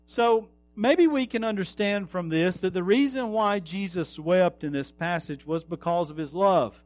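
A man preaching a sermon, earnest, slowing down to stress words and trailing off softly. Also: high-pitched, soft background music. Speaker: pastor.

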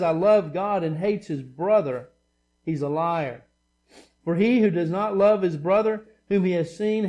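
High-voiced man preaching a sermon. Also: a little mellow. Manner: emphatic, repetitive preaching with asides. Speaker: pastor.

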